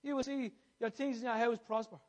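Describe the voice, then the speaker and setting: A male preacher with a strikingly high voice delivers an impassioned sermon. He circles back over his phrases and asks his listeners questions as he presses his point. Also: steady tone, a little fast.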